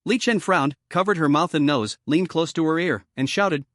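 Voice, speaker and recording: A man narrating a fantasy story recap in a lively, dramatic scripted reading. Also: a little high, normal speed, few pauses, dry recording, studio quality.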